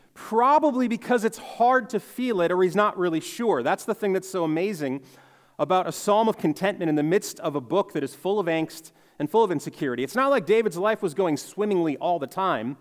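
A man with a high, light voice preaches with earnest conviction, pressing down on the words he wants to land. His sermon rings out with a long reverb, as if in a big hall. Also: lively intonation, a little fast. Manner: earnest, emphatic on key words, reflective. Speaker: pastor.

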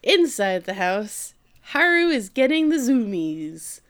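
Smooth-voiced woman recapping with swearing. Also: on the high side, sing-song. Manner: swears freely, acts out characters in quick quoted voices. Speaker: podcast co-host recapping an anime. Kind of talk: casual chat.

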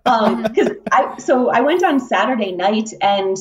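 A woman's voice: a little high, expressive, a little slow, a crowd in the background. Female podcast reviewer, chatty and filler-heavy, slightly off-mic. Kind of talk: casual film review chat. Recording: voice a bit far from the mic.

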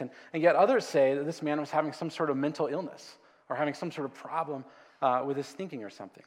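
A man's voice: fairly high pitch, fast, in a large hall. A man preaching a conversational sermon as a pastor, with joking asides.

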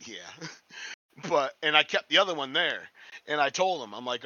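A man's voice: a little high, expressive, moderate pace, sharp tone, dry recording, muffled recording. A man chatting casually as a restaurant line cook, rambling, swearing a lot and sounding cocky. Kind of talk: casual podcast chat.

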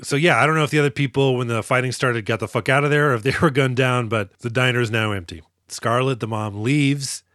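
A man's voice: mid-range voice, fairly quick, few pauses, a bit bright, no echo, studio quality. A man co-hosting a movie review podcast in a casual, jokey way, adding silly voices and sound effects. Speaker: podcast co-host.

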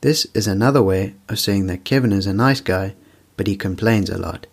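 A man presenting a scripted English lesson podcast, explaining phrases slowly and clearly with examples. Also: lowish voice. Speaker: English teacher.

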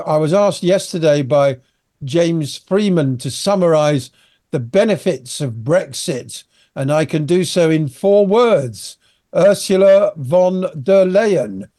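A man's voice: on the high side, unhurried, dark tone, no echo, studio quality. A man from Britain giving emphatic, indignant commentary as a guest on a talk radio show.

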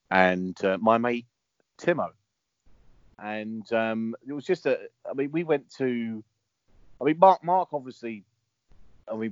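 Teasing lower-voiced man. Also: dry recording. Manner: teasing, hesitant, many fillers. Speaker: podcast co-host. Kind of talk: casual chat. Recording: dry, dull lo-fi sound.

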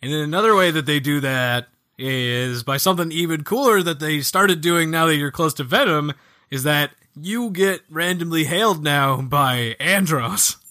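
A man co-hosting a casual video game podcast, with a bright and slightly high voice. He is jokey and animated, and he slips into silly voices to quote the characters. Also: moderate pace. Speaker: podcast co-host. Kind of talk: casual chat about video games.

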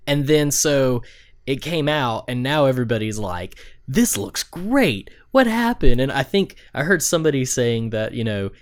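A man's voice: mid-range voice, moderate pace, smooth. A man hosting a video game podcast, steering the casual chat and handing topics to the others. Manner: steers the talk, hands off topics. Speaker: podcast host.

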